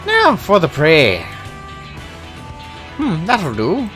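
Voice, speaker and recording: A boisterous old dwarf hunter, voiced by a man in a high, exaggerated brogue. He blusters and bellows with lively swings in pitch. The tone is bright and forceful. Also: very slow, faint music behind, exaggerated voice. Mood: rowdy. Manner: hearty, blustering, loud greetings.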